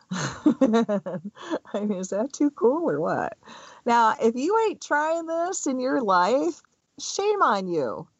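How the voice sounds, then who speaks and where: A middle-aged woman telling personal stories in a casual spiritual talk, animated and often laughing as she speaks. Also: a little high, takes it slowly, pauses often, husky, no echo, lo-fi sound. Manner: animated storytelling, laughs mid-sentence.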